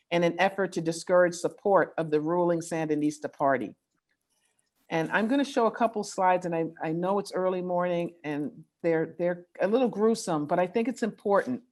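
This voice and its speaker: Earnest woman giving a forum talk. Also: lowish voice. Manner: earnest, measured, with frequent "um"s and slow emphasis. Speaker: executive director of a faith-based organization. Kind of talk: online forum presentation.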